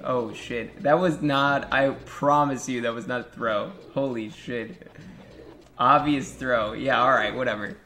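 A man's voice: mid-range voice, fairly even intonation, a little slow, sharp tone, a little hiss or hum. A man streaming a game live, joking crudely with his chat and swearing often. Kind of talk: live-stream gameplay commentary.

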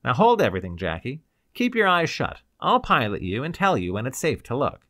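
A man's voice: medium pitch, wildly swooping pitch, fairly quick, fairly bright tone, pitched above the performer's own voice. A male reader voicing a shaken young engineer in an audiobook, urgent and strained.

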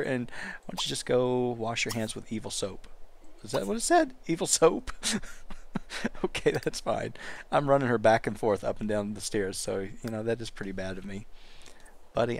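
A man's voice: fairly low pitch, gravelly, slight background noise. A man giving casual let's play commentary, chatty and talking directly to his game characters.

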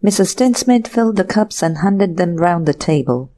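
A woman's voice: fairly low pitch, expressive, normal speed, warm tone. A woman reading a classic mystery short story aloud as an audiobook narrator, giving each character's lines a voice of their own. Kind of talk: scripted narration.

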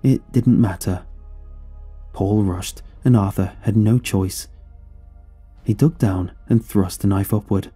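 A man reading a horror story aloud in a somber, measured storytelling manner. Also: fairly low pitch, warm tone, slightly rough, soft background music. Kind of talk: scripted horror narration.

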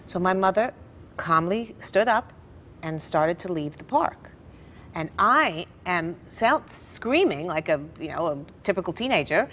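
A middle-aged woman telling family stories in a television interview, animated and laughing now and then. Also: fairly low pitch, measured pace, slight background noise. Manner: animated storyteller, laughs through her stories. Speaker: interview guest. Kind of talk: personal storytelling in a TV interview.

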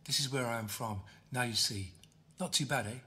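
A man voicing Z, a curt, hushed young woman. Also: mid-range voice, moderate pace. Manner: curt, hushed, often whispering. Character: young woman guide, tough, secretive and blunt.

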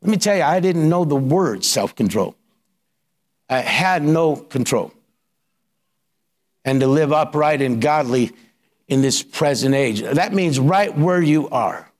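A man's voice: a little high, animated, unhurried, long pauses. A middle-aged man pastor telling his personal story in a sermon, colloquial and building to emphatic preaching.

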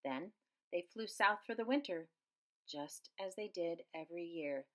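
A woman reading a children's picture book aloud with very expressive swings in pitch and loudness. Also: measured pace, heavy background noise. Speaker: storyteller.

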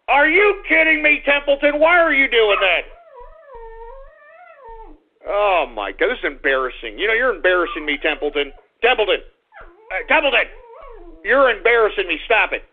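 High-voiced man ranting on tinny radio. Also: very animated, normal speed, long pauses. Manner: exasperated, ranting and yelling at his dog. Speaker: radio show host. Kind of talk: live radio talk. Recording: tinny phone-like radio audio.

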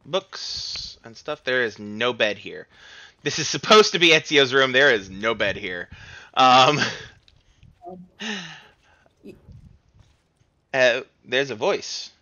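Bright-voiced man rambling over gameplay. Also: mid-range voice, expressive, slow pace, pauses often, muffled recording. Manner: rambling, self-deprecating, joking. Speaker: streamer playing a game. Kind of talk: casual let's-play commentary.

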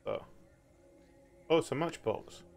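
A man's voice: takes it slowly, darkish tone. A man giving jokey let's-play commentary, laughing often. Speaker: gameplay commentator.

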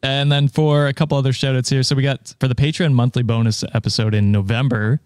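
A man hosting a casual podcast, upbeat as he reads out comments from listeners. His voice sits at a middle pitch, and the sound is dry and close. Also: fairly even intonation, fast, a little mellow, smooth, no echo. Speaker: podcast host.

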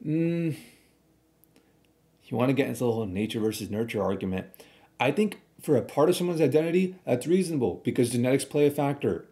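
A man's voice: medium pitch, mellow. A man streaming a reaction video, arguing bluntly in a casual, rambling way with frequent restarts.

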